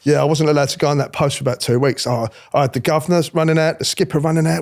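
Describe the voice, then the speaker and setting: Speaking quickly in a voice on the high side, a middle-aged ex-royal protection officer shares blunt anecdotes during a candid interview. He swears freely, stays animated, and mimics the people he mentions.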